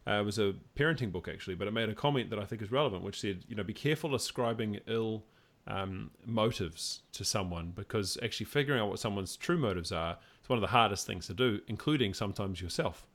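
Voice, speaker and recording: A man from Australia with a fairly low voice hosts a casual podcast. He rambles, restarts his sentences and fills pauses with ums. He reads news items aloud between comments. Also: expressive, a bit bright. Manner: rambling with many fillers and restarts. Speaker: podcast host.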